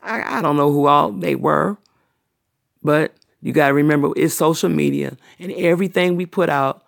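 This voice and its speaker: In this unscripted livestream rant, the middle-aged channel host speaks in a low, creaky voice at a moderate pace. She rambles on bluntly and profanely, taking her time to make every point.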